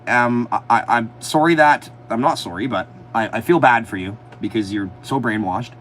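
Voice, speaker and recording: A man chatting on a casual livestream from a motorhome, telling animated stories with a lot of swearing and mockery. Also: mid-range voice, normal speed, slight background noise, poor audio. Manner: animated storytelling, swearing, mocking. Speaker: livestream host. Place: inside a motorhome.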